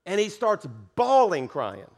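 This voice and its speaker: Animated Southern pastor telling a story. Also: male voice, high-pitched, unhurried. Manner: animated, self-mocking storyteller with laughs. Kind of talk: sermon storytelling.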